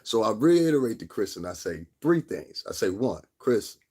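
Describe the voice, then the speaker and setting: Deep gravelly dude ranting, cussing a lot, lecturing his viewers. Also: big pitch swings, moderate pace, darkish tone. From Connecticut. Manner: profane, preachy, mimics others in high voice. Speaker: vlogger. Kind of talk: angry storytelling rant.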